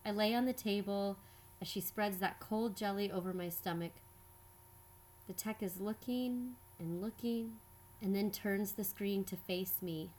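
A woman telling a personal story in scripted narration, measured and reflective. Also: medium pitch, a little hiss or hum. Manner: measured, reflective, quietly earnest.

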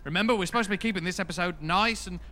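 A man hosting a comedy show, calm and bossy in scripted banter. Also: sits high, rapid-fire. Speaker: comedy podcast host.

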